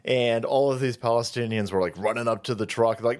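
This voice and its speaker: A man's voice: mid-range voice, fairly quick, hardly any pauses. Profane, mocking man ranting. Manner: crude, mocking, swaggering, switches into sneering mock voices. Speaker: political commentary host.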